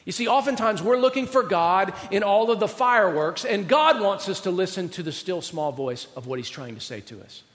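A man preaching a sermon, swinging from loud emphasis to hushed near-whispers and acting out God's voice in paraphrase. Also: sits high, animated, fairly quick, hardly any pauses, big-room sound. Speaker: pastor.

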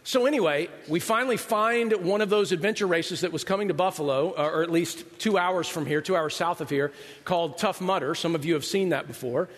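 A man's voice: on the high side, brisk. A middle-aged man, the pastor, giving a sermon in a large church hall, telling conversational stories with self-deprecating humor. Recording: long reverb of a large hall.

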